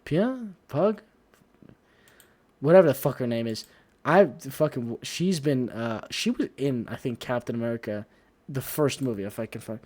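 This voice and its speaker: A man streaming, chatting casually, rambling and swearing heavily with quick asides. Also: mid-range voice, darkish tone. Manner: profane, rambling, heavy swearing.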